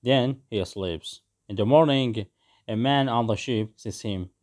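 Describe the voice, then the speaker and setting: Slow, clear male storyteller. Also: mid-range voice, a little mellow. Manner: slow, clear, simple phrasing. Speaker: story narrator. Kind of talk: slow read-aloud story for English learners.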